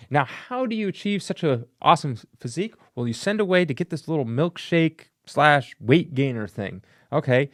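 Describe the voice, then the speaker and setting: A man's voice: fairly high pitch, dry recording, clean studio sound. A man giving casual, sarcastic commentary on vintage comic book ads, laughing at what he reads. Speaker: comic book collector and YouTuber.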